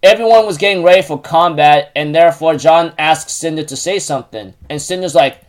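A man casually recapping a show episode, halting often with fillers and restarts. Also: fairly high pitch. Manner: repeats stock phrases while retelling.

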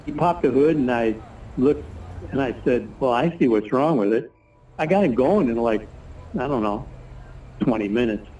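Older man, warm distant storytelling voice. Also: medium pitch, lively intonation, moderate pace, long pauses. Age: 70s. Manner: rambling anecdotal storyteller, acts out others' lines. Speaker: retired engineer interviewee. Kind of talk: casual storytelling interview. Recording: distant mic with background noise, poor quality.

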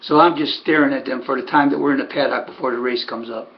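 Animated male storyteller, lo-fi recording. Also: medium pitch, quick pace. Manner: animated, emphatic, repeats for effect. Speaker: harness horse trainer. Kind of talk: casual spoken storytelling. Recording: dull lo-fi recording.

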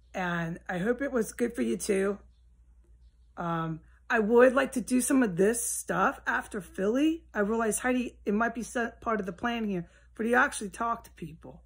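A woman rambling alone at home in a solo monologue, swearing often and drifting between low mutters and heated outbursts. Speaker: vlogger. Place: at home, indoors with a window open.

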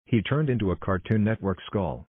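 A man directing a homemade cartoon blooper video, exclamatory and hurried, calling out cuts and takes. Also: on the low side, expressive, breathy edge, dry recording, narrow, tinny audio. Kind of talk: scripted fan cartoon narration.

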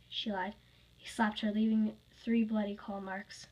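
A woman's voice: mid-range voice, flat delivery, a little slow, darkish tone, dull audio. A woman reading her own fan story aloud, plainly, with small slips.

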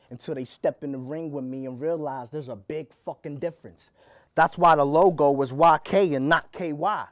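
A man performing an aggressive battle rap at a live event, shouting his punchlines. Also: fairly high pitch. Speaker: battle rapper.

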